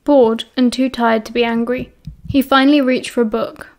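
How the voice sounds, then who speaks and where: A woman narrating a fan-fiction audiobook in a steady, even reading voice. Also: a little high, moderate pace.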